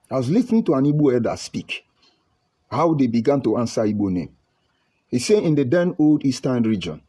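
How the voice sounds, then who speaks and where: A man's voice: a little high, dark tone, husky. A middle-aged Nigerian man speaking in a heated monologue with a Nigerian English accent, firing off rhetorical questions. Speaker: political commentator. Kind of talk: impassioned online monologue.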